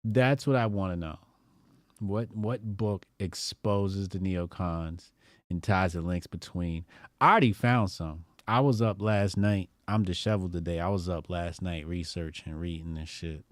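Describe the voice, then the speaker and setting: A man's voice: low-pitched, steady tone, unhurried, dry recording, clean studio sound. A man from New Jersey hosting his own show, talking loosely with slang and laughing often. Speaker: host. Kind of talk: casual live-stream talk.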